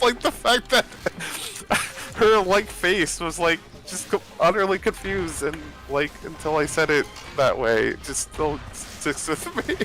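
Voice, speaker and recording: A man with a bright, forceful voice talks over a gaming session, rambling on with many fillers and false starts. He sounds like he is on a voice chat headset, with faint music behind him. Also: a little high, gravelly. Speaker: gamer chatting with friends. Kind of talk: casual chat while gaming.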